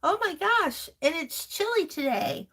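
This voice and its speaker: Her voice sits very high and is very animated, fairly bright in tone, moving at a measured pace. She hosts a crafting channel's live stream, chatting casually over viewer comments, laughing often and calling everyone honey and sweetheart.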